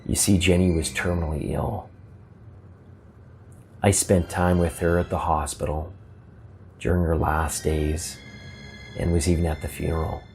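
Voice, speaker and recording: A man telling a first-person ghost story in a halting, earnest way, often repeating words as he gets emotional. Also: deep voice, level tone, darkish tone, faint music behind.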